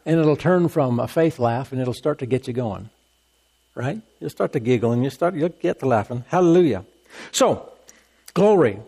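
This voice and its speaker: A man preaching a sermon as pastor, emphatic and repetitive, with deliberate bursts of laughter. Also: mid-range voice, animated, vocal fry, mellow, slightly rough.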